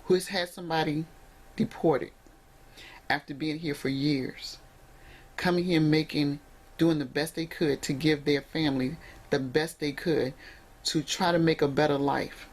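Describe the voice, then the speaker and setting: A woman's voice: sits low, fairly even intonation, unhurried. Emphatic woman vlogger lecturing viewers. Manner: emphatic, preachy, addresses viewers directly. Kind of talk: direct-to-camera commentary.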